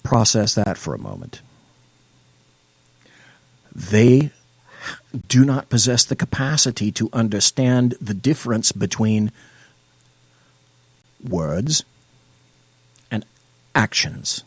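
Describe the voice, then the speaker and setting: A man's voice: lowish voice, sing-song, takes it slowly, long pauses, breathy edge, no echo. A man hosting a live show, reading quotes aloud and tearing into them with scorn. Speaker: show host. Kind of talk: opinionated live-stream talk.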